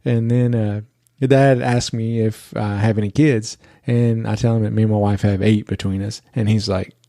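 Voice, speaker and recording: A man's voice: lowish voice, steady tone, normal speed, dark tone, no room sound, clean studio sound. A man hosting a podcast, telling a story in a chatty way and laughing as he goes. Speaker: podcast host. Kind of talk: casual storytelling.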